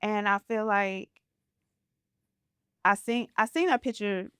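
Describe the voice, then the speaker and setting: A woman hosting a podcast, telling a personal story in an unhurried, reflective way during a casual conversation. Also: mid-range voice, fairly bright tone, clear, resonant tone, dry recording, studio quality. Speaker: podcast host.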